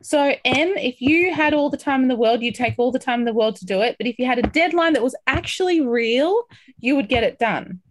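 A woman coaching a group on a call, upbeat and encouraging, talking through feelings and sometimes acting out excitement. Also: high-pitched, fairly quick, background noise. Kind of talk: motivational coaching talk.

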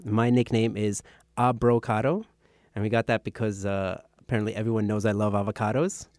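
A man guesting on a podcast, talking through stories in a relaxed, chatty way at a medium pitch. The sound is dry and close, like a small studio. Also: a little fast, no echo. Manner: relaxed storytelling, laughs a lot. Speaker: guest, martial arts fighter. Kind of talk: casual chat.

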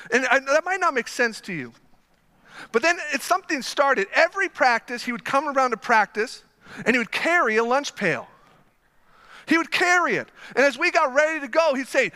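A young man preaching a sermon, telling a story with energy and swinging from quiet asides to loud excited bursts. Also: very high-pitched, fairly quick, long reverb tail. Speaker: pastor.

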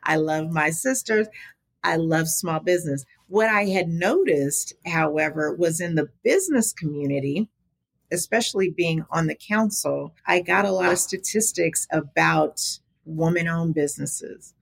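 A middle-aged woman, a podcast guest, telling her story candidly in an animated, conversational way. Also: deep voice, a little slow, creaky, slightly rough. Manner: animated, talks to the host as "girl". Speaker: podcast guest, small business advocate.

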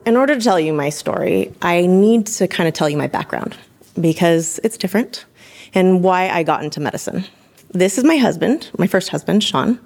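A woman in her thirties, an emergency room provider, telling her own story in an interview, lively and animated. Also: on the low side. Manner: lively, animated retelling with laughs and acted-out quotes. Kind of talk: personal story told in interview.

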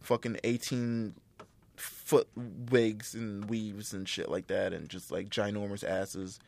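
A man's voice: on the low side, fairly even intonation, slow pace, vocal fry, darkish tone, a little hiss or hum. A man co-hosting a casual podcast chat, giving rambling, profane opinions with lots of fillers.

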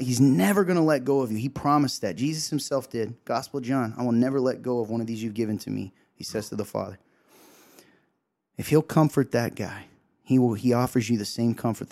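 In a darkish voice at medium pitch, a man co-hosting a program delivers a heartfelt devotional. He preaches emotionally, earnestly dramatizing quotes and repeatedly checking in with "right?".

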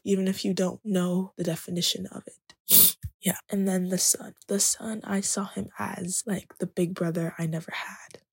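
A young woman hosting a podcast, telling her personal story in a soft-spoken way that often drops to a whisper. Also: lowish voice, creaky, slightly rough, dry recording. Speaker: podcast host.

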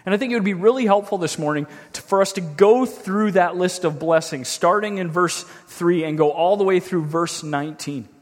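Male pastor, earnest and reflective sermon delivery, voice a bit high, echoing church sanctuary. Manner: earnest, reflective, slows down when reading scripture.

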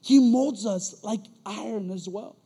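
A young man preaching a sermon as a church elder, telling stories with animated energy and repeating words as he gets going. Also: high voice, measured pace, vocal fry, slightly rough. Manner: animated storytelling, repeats words when excited.

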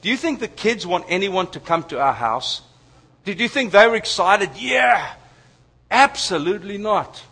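Preacher guy telling stories from the pulpit, chatty asides, slightly higher voice. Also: a little slow, slightly rough. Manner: storytelling, animated asides to the audience. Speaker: pastor. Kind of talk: sermon.

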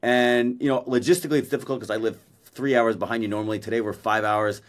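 Speaking in a mid-range voice with a steady tone and quick pace, a man co-hosts a podcast over a video call from Maui. The chat is casual, blunt, and profane, and he calls himself a verbal processor.

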